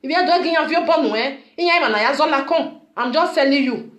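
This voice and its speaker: Woman vlogger, Nigerian Pidgin accent, high and scolding, in a roomy echo. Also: quick pace, a bit bright. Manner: scolding, repetitive, rhetorical "huh?". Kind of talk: scolding video message.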